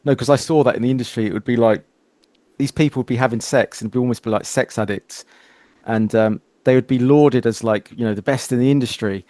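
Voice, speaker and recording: A man hosting a casual interview, animated as he tells stories and acts out quoted exchanges. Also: mid-range voice, quick pace, dry recording. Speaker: podcast host.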